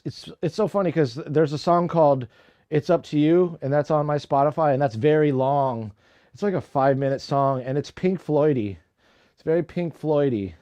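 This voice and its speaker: Slow, high-voiced man chatting casually. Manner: laid-back and rambling, full of "like" and "you know". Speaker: musician streaming his songwriting. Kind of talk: casual livestream chat. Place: home recording room. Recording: echoey room with loud music. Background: loud rock music with guitar.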